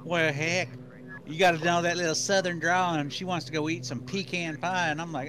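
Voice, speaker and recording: A man from Florida chatting casually on a flight sim stream, teasing and quick to laugh. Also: a little high, level tone, bright, forceful tone, a little hiss or hum. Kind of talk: casual chat.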